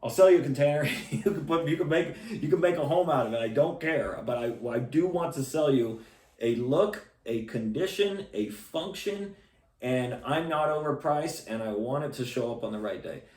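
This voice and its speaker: A man's voice: on the high side, expressive, moderate pace, darkish tone. A middle-aged man speaking casually and bluntly to camera as a salesman and channel host, rambling with many restarts and fillers. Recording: echoey room, voice a bit far from mic.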